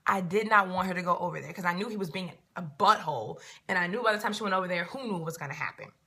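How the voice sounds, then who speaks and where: A woman's voice: on the low side, racing, sharp tone, breathy edge. A woman in a casual to-camera vlog, a reality show cast member answering viewers in an emphatic, repetitive way. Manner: emphatic and repetitive, filling gaps with "da da da".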